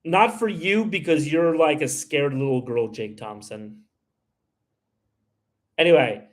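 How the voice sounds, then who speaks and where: A man's voice: fairly high pitch, takes it slowly, long pauses. A man hosting a livestream, answering viewer comments in a blunt, heated, ranting way. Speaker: livestream host. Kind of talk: live stream chat answering viewers.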